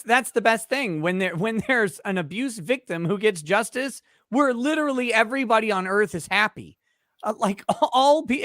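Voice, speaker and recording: A man's voice: high voice, a bit bright, no echo, clean studio sound. Joking man hosting a live stream. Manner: loose, joking, rambling with restarts. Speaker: host. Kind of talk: casual live-stream chat.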